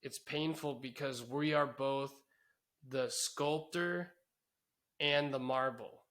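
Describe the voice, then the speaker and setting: A man's voice: mid-range voice, steady tone, takes it slowly, a bit bright. A man co-hosting a podcast, speaking candidly and reflectively in casual chat, with some swearing. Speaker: podcast co-host.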